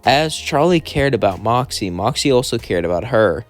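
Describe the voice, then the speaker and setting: A man's voice: medium pitch, lively intonation, moderate pace, faint music behind. A man casually narrating a fan story in a rambling, hesitant way. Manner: rambling, hesitant with "well" and "as then".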